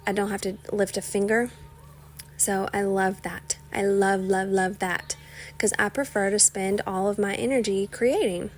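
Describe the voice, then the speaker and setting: Young woman host just chatting away, like like like, mid-pitched, slips into whispery bits. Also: steady tone, a little slow, a little hiss or hum. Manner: rambling, chatty, many "like" and "you know" fillers. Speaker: podcast host. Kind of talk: casual solo podcast chat.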